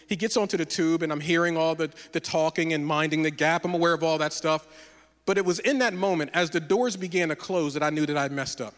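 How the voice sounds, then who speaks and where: A man with a high, light voice preaches as a pastor. He tells his story in an animated way and acts out the dialogue as he goes. The sound rings with a long hall reverb. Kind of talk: sermon with personal storytelling.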